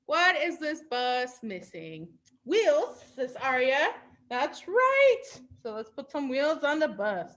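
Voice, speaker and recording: A high-pitched woman from Mexico runs a children's storytime online. She talks in an upbeat, patient way, like a teacher gently coaxing young kids, and slips Spanish words in among the English. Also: sing-song, takes it slowly. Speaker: children's librarian.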